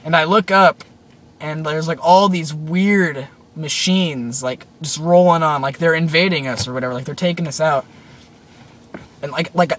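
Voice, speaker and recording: A man's voice: a little high, normal speed, fairly bright tone, a little hiss or hum. A young man casually retelling a strange dream to his viewers, rambling with lots of "like" and "um". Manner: rambling, full of "like" and "um". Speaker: vlogger. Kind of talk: casual storytelling.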